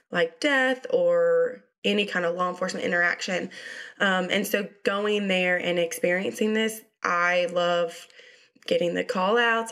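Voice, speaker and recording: A woman from Georgia with a Southern accent, a state investigator speaking as a guest in a relaxed, casual interview. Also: on the low side. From Georgia, USA. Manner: relaxed, uses fillers like um.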